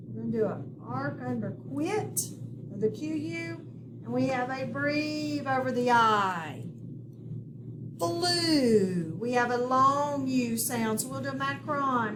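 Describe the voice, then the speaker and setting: A woman teacher giving a step-by-step phonics lesson to children, speaking slowly and clearly. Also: high-pitched. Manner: slow, clear, step-by-step instruction. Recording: echoey room, far from the mic, noisy.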